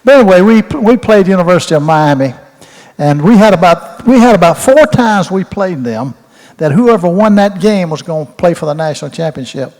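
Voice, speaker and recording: A retired football coach in his eighties tells rambling, folksy stories at a Q&A, repeating his words as he goes. His voice is high-pitched, expressive, slightly mellow, and a bit quick. The recording carries a roomy hall reverb.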